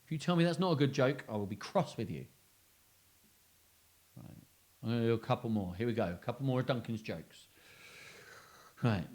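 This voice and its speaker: A man's voice: medium pitch, animated, normal speed, pauses often, a little mellow. A man hosting a children's story and joke show, talking in a playful, self-mocking way. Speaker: host.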